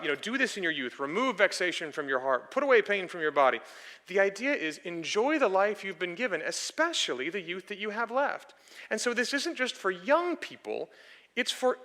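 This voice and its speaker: A man's voice: sits high, a bit bright. Earnest male pastor in a reverberant hall. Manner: earnest, explains and restates points. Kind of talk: conversational sermon. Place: church sanctuary. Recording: long reverb of a church hall.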